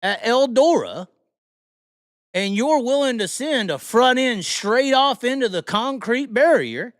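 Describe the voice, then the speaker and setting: High-voiced guy ranting on a live show, cursing a lot, voice jumping all over, dry close sound. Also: dry recording. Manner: animated, swears constantly, laughs often. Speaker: podcast host. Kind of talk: profane casual commentary. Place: studio, live stream.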